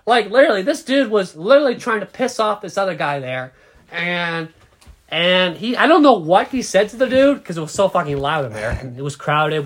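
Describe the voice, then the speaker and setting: A man's voice: sits high, fairly bright tone. A young man casually telling a rambling, profane story as a podcast co-host.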